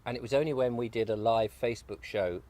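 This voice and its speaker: A guest who makes videos talks over breakfast outdoors on an allotment, sometimes with his mouth full. His voice is mid-range and dark-toned, and he speaks fast. The chat is casual, rambling and full of jokes.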